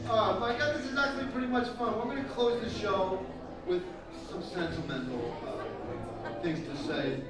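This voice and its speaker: High-voiced man doing crude stand-up. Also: moderate pace. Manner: crude, teasing crowd work, laughs at own jokes. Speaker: stand-up comedian. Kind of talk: live stand-up comedy. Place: live event stage with audience. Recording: echoey hall taken from a distance with music.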